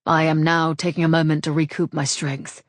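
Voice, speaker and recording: A woman voicing a lazy, teasing rogue of a gentleman. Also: deep voice, level tone, normal speed, no room sound, clean studio sound, natural voice. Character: teasing, roguish gentleman swordsman, adult man. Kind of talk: audiobook character voice.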